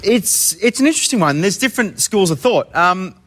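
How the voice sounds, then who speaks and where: A man's voice: high voice, animated, a little fast, a bit bright. An Australian man, a guest actor, chatting casually and rambling, with casual swearing. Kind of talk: casual interview chat.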